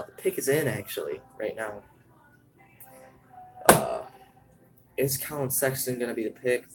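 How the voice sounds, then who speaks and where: A man's voice: mid-range voice, poor audio. Young male host, live draft commentary, mid-range voice, hesitant and rambling. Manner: halting, many fillers and restarts, yawning.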